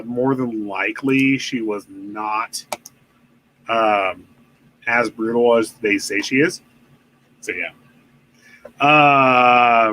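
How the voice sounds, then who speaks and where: A man's voice: mid-range voice, fairly bright tone, rough recording. A man co-hosting a casual live-streamed podcast, rambling with many fillers and swearing often. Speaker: podcast co-host.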